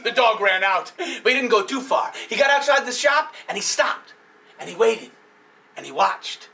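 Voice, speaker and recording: A man telling fables to a young audience, playful and animated, with barking sound effects and questions to the listeners. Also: very high-pitched, moderate pace, far from the mic. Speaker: storyteller. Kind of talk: live storytelling for children.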